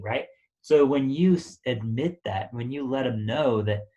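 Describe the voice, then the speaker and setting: A man's voice: mid-range voice, measured pace, warm tone. A man teaching about relationships in a casual, conversational way, with many fillers and short acted-out example lines. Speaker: relationship coach.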